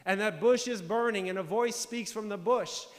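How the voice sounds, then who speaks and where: Pastor guy preaching, pretty high voice, lots of church echo, emphatic and questioning. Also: moderate pace. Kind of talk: sermon. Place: church sanctuary.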